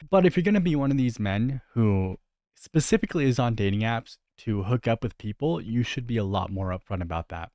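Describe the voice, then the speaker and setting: A man's voice: medium pitch, warm tone, dry recording, studio quality. A young man giving casual reaction commentary, critical and incredulous as he talks through a video.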